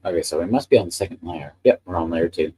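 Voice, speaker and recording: A man's voice: sits low, quick pace, mellow, slight background noise. A man hosting a casual live stream, chatting with enthusiasm about the printer he is handling. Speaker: livestream host.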